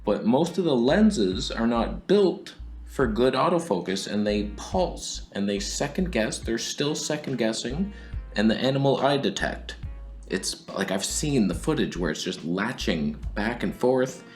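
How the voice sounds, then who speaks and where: A man's voice: mid-range voice, very animated, unhurried, faint music behind. A man giving a sarcastic, comedic camera review, swinging between whispers and outbursts.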